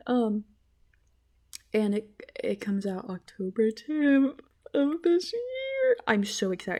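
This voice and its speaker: Brief: excitable woman podcast host, lively up-and-down voice, laughs through her sentences. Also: mid-range voice, moderate pace. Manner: rambling, giggly, excitable. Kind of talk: casual solo podcast chat.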